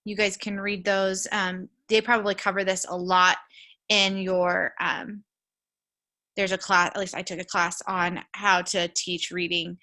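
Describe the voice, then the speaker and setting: A woman's voice: fairly low pitch, sharp tone. A young woman teaching a recorded college lecture, casual and chatty with frequent fillers, speaking into a computer mic. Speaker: college instructor. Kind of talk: recorded lecture with shared screen.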